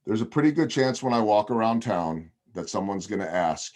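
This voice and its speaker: A man's voice: lowish voice, sing-song, a little fast, few pauses, a little mellow. A man, a television broadcaster, telling a long story on a video podcast over a video call, chatty with frequent ums and restarts.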